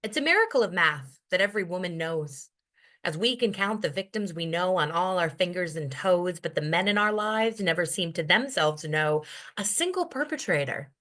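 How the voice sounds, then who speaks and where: A woman's voice: on the low side, animated, normal speed, fairly bright tone. Woman performing intense spoken-word poetry. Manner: rhythmic rhyming delivery, intense and earnest; wry, self-deprecating asides between poems. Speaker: featured poet at an open mic.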